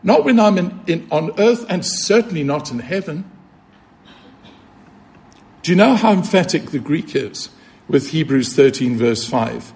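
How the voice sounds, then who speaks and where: Male preacher, earnest and emphatic, slightly high voice, sermon delivery. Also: expressive, unhurried, a little mellow. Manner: earnest, emphatic, with rhetorical questions and repetition.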